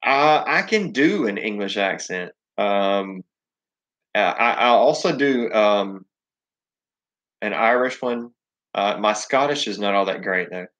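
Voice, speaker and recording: Southern man, rambling profane stream host, lowish voice, dull lo-fi sound. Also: animated, slow, a bit bright. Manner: rambling, profane, many ums and restarts. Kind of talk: casual live chat reading comments.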